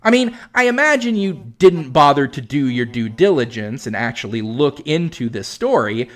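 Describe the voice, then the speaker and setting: Male commentary host, exasperated and lecturing, lively pitch. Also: moderate pace. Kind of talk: critical commentary on a clip.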